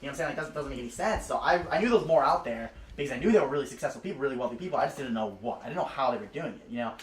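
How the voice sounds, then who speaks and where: A man's voice: mid-range voice, expressive, rapid-fire. A young man, telling a slangy, profane recruiting story to a small crowd at a house party. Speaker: recruiting speaker. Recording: echoey room.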